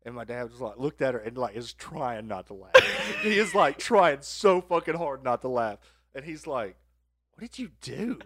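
A man's voice: mid-range voice, lively intonation, normal speed, fairly bright tone, no room sound, studio quality. A man co-hosting a podcast, telling a crude story in casual chat and laughing along the way. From Arkansas. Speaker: podcast co-host.

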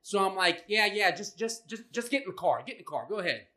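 Guy on a podcast telling a story, cursing a lot, bright voice, pitch jumps all over. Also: quick pace. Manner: profane, animated, acts out the other people in his stories. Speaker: podcast co-host. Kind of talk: casual storytelling chat.

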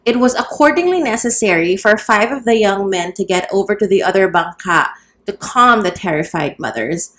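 A woman's voice: lively intonation, normal speed, a bit bright. A woman narrating a novel chapter aloud, raising her voice for the characters' lines. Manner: lifts pitch and volume for quoted characters. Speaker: audiobook reader. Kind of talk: scripted narration.

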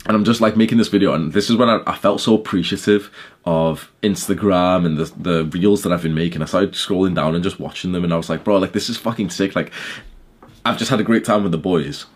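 A man's voice: deep voice, fairly quick. A young man casually telling a story in his vlog, rambling with lots of "like" and swearing. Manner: rambling, peppered with "like", swearing, laughing. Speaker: YouTuber.

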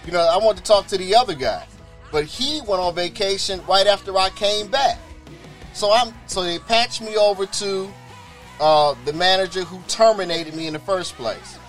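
A man's voice: sits high, moderate pace, soft background music. A man casually telling a personal testimony, acting out other people's voices and often repeating or restarting words. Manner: animated, acts out others' voices in quoted dialogue. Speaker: storyteller sharing a personal testimony.

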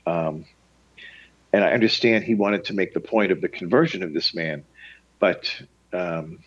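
Husky-voiced priest on the radio. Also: male voice, lowish voice, lo-fi sound. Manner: emphatic, moralizing. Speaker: Catholic priest and radio host. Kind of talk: radio talk reflection.

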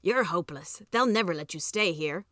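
A woman's voice: lowish voice, expressive, moderate pace, fairly bright tone, no echo, clean studio sound. A woman voicing a weary, mournful male ghost who speaks in a solemn, sorrowful way. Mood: stern.

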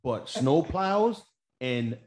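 A man spins a work story in casual podcast chat. He swears freely and slips into the voices of everyone involved. His pitch sits in the ordinary middle for a man. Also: extremely slow. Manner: profane, animated, acts out dialogue. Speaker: podcast co-host.

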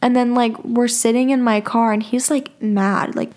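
Chatty young woman, slightly high voice. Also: fairly even intonation, moderate pace, a little mellow. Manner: chatty, lots of filler "like", swears freely. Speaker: podcast host. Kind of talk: casual storytelling.

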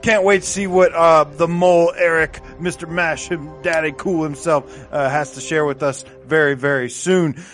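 High-voiced playful male co-host. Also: fairly even intonation, normal speed, a bit bright, faint music behind. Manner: playful, laughs often, banters. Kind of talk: reading chat comments aloud.

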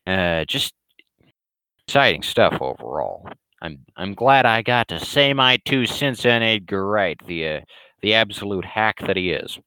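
A man hosting a casual livestream Q&A, rambling along in a deadpan, sarcastic way. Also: on the low side, unhurried, clear, resonant tone, dry recording, rough recording. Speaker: webcomic creator hosting a Q&A stream.

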